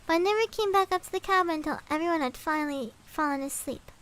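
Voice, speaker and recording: A woman's voice: extremely high pitch, fast talker, fairly bright tone. A woman streamer casually reading a scary story aloud, swapping swear words for milder ones and breaking off for chatty asides.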